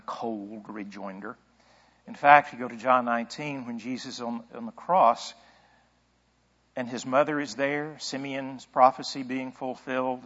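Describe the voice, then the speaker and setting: A pastor preaching a sermon in a conversational way, asking rhetorical questions and thinking aloud. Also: male voice, medium pitch, fairly bright tone, breathy edge, in a large hall, lo-fi sound.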